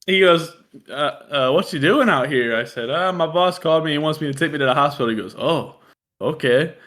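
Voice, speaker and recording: Fairly quick and a bit bright, this young podcast co-host's voice runs on the high side as he spins a story in casual chat. He swears freely and laughs at himself, his humor self-deprecating throughout.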